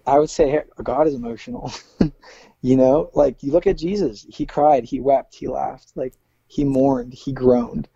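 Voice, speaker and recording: A man's voice: mid-range voice, lively intonation, unhurried, gravelly, dark tone, breathy edge, no echo, dull audio. A man who is a worship leader, speaking earnestly in a casual interview, with many fillers and restarts.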